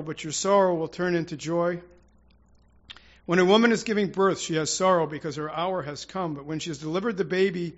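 A man's voice: sits high, highs cut off. A man preaching an informal, rambling sermon to his congregation, with prayerful asides and restarts. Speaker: church speaker.

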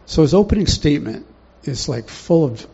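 A man's voice: on the high side, expressive, moderate pace, vocal fry, dark tone, slightly rough. A man preaching a sermon in a conversational way, often putting questions to the congregation, in a dull lo-fi recording.

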